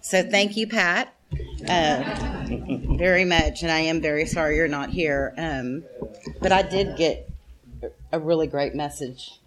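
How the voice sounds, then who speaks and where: A woman's voice: deep voice, measured pace, a crowd in the background. A middle-aged woman giving a heartfelt, self-deprecating talk to an audience in a meeting room. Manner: chatty and self-deprecating, calls the room "y'all". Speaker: guest speaker at a recovery meeting. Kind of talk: heartfelt personal share to an audience.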